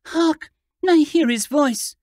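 A man's voice: sits high, big pitch swings, moderate pace, no room sound, studio quality, voice pushed up. A man voicing a frightened young woman who is breathless and urgent in an audiobook reading. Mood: terrified.

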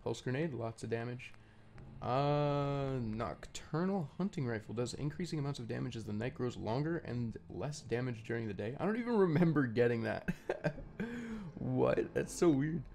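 With candy in his mouth, a young Canadian gaming YouTuber chats aimlessly over his gameplay, full of fillers and restarts. His mid-range voice is lively in intonation and slightly mellow, carries some vocal fry, and moves at a normal pace against light background noise.

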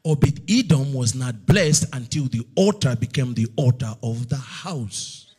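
A middle-aged male preacher telling a story in a sermon, swinging between loud slow outbursts and hushed near-whispers. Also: medium pitch, lively intonation, breathy edge. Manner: storytelling, acts out God's voice in loud slow bursts.

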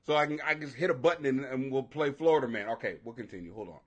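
A man in his forties hosting a live stream, ranting loudly and profanely, laughing as he reacts. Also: mid-range voice, rapid-fire, muffled recording, a crowd in the background. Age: 40s. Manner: profane, loud, laughing, animated. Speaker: livestream host. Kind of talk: casual ranting commentary.

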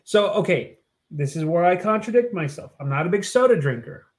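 Male podcast co-host, relaxed and jokey, slightly high voice. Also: fairly quick. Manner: laid-back, jokey. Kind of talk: casual chat.

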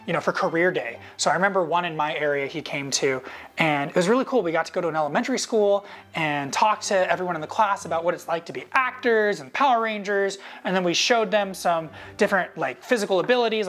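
A man in his thirties casually telling behind-the-scenes stories to camera, animated and acting out quoted lines in a higher voice. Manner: animated, jumps up in pitch to act out quoted lines.

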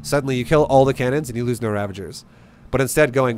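Reviewing a replay with a player, a young StarCraft coach talks fast in a mid-range voice. His style is loose: he laughs, curses freely, and plays out small scenes to illustrate his points.

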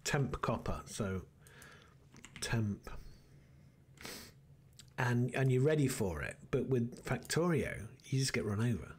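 A man's voice: mid-range voice, expressive, slow pace, pauses often, darkish tone, slight background noise. A man hosting a let's play, muttering and thinking aloud as he plays, rambling with restarts. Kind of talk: casual gameplay commentary.

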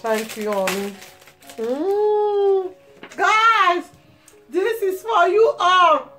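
A woman with a high, bright voice speaks at a very slow, drawn-out pace. She gushes and keeps repeating her exclamations. She is filming a vlog at home, with faint music behind her. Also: expressive. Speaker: vlogger. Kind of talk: emotional vlog. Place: home, indoors.

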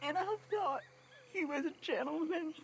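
An actress voicing the ghost of a young jilted woman from the South, who speaks slowly and tearfully and keeps pleading. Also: sits high, creaky, slight background noise. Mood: bitter longing. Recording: game audio with loud swamp ambience.

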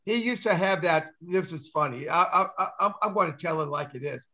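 A man's voice: fairly high pitch, expressive, a little fast, pushed and bright. An older man, a talk show guest, chatting casually and teasing his friend with jokes and frequent restarts. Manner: teasing and jokey, restarts often. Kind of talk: casual chat.

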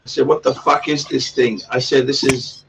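A man's voice: medium pitch, level tone, moderate pace, gravelly, far from the mic, a crowd in the background, rough recording. A man hosting a casual livestream chat, rambling and swearing a lot in a crude way. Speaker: livestream host.

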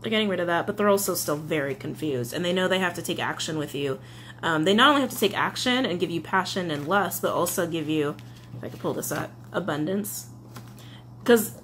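A woman's voice: fairly low pitch, fairly bright tone, slight background noise. A woman giving a casual tarot reading to camera, chatty and confiding, full of fillers. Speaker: tarot reader.

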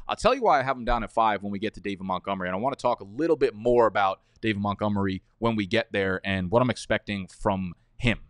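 A man's voice: on the low side, a bit bright, no echo, clean studio sound. A man giving fantasy football rankings in a casual, blunt way, rattling off stats and sometimes stammering. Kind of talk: casual opinionated rankings rundown.

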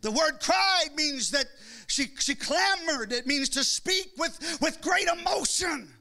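A male pastor preaching a sermon with a Midwestern American accent, rising from calm teaching to fervent shouted, sing-song cadences. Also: extremely high pitch, slow.

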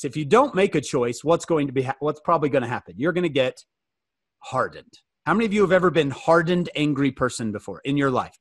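American fireside speaker, slightly high voice, animated and jokey, dry close sound. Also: male voice, no room sound. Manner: animated, joking, asks the audience questions. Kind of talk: interactive fireside talk.

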